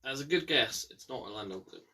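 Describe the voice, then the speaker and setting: A young Scottish man hosting a casual bad-movie quiz, chatty, with quick asides and some swearing. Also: mid-range voice, animated, bright, forceful tone, distant mic, a little hiss or hum. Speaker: quiz host.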